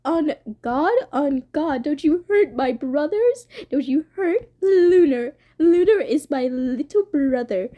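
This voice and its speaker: A woman's voice: high-pitched, animated, slow pace, hardly any pauses, lo-fi sound, voice pushed up. Woman playing a shrieking, tearful big sister. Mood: furious crying. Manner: shrieking, scolding. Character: frantic older sister, furious and protective.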